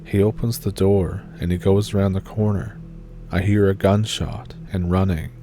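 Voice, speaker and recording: Deep, dark-voiced man narrating horror. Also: fairly even intonation, moderate pace, gravelly, soft background music. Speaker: story narrator. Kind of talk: first-person horror story narration.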